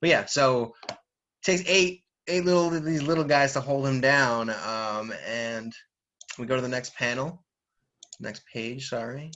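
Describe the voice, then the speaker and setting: Bright-voiced lively man. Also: medium pitch, measured pace, muffled recording. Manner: lively, laughs often, fillers. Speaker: manga reviewer. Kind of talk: casual chat, reading aloud.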